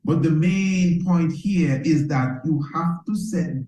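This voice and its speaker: A man's voice: fairly high pitch, unhurried, few pauses, warm tone. A man giving a motivational teaching talk, preacherly, repeating phrases and checking in with "you understand?". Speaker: priest teaching a self-improvement course. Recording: roomy echo.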